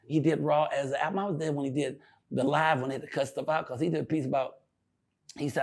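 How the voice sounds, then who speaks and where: An older male comedian telling stories in a casual interview, profane and animated, often laughing. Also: on the high side, a little fast, breathy edge.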